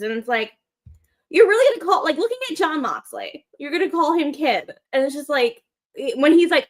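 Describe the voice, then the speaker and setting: A woman co-hosting a wrestling call-in show, ranting in an animated, frustrated way. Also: high-pitched, moderate pace. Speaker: co-host. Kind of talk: casual chat.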